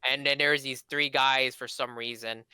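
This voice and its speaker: Podcast co-host, young man, bright clear tone, rambling anecdotes, dry close sound. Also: mid-range voice, fairly even intonation, normal speed, dry recording. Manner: rambling, many fillers and restarts. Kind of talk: casual storytelling chat.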